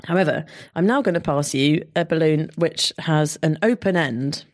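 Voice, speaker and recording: A woman's voice: low-pitched, normal speed, very noisy. Cheerful woman explaining science. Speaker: podcast co-host.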